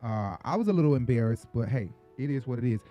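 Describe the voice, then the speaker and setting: A man's voice: mid-range voice, fast, muffled recording, faint music behind. Sassy man dishing celebrity gossip. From Atlanta. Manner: animated storytelling, profane and sassy. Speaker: show host. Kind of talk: casual gossip commentary.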